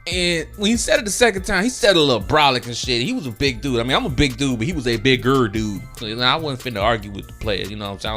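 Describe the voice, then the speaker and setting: A man's voice: medium pitch, bright, forceful tone. A young man telling a slangy story casually and acting out quotes. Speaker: gaming storyteller. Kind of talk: casual storytelling over gameplay.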